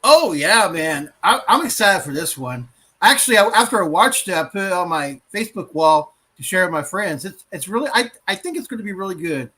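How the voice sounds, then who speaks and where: A male podcast co-host chatting casually, eager and often chuckling as he speculates. His voice is bright and forceful and sits a little high. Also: big pitch swings, brisk, few pauses, husky. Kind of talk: casual chat.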